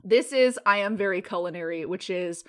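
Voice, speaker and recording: A woman co-hosting a casual podcast, telling stories with lots of laughter. Her voice sits in a middle pitch, and she moves quickly between jokes and asides. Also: clear, resonant tone. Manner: laughs often, animated storytelling. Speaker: podcast co-host. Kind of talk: casual chat.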